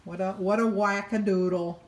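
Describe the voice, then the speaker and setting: An older woman talks to her camera from her home kitchen. She rambles cheerfully, pokes fun at herself and laughs easily, in a mid-pitched everyday voice. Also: fairly even intonation, normal speed. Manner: chatty, rambling, self-deprecating, often laughing. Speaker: vlogger. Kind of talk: casual diet vlog chat.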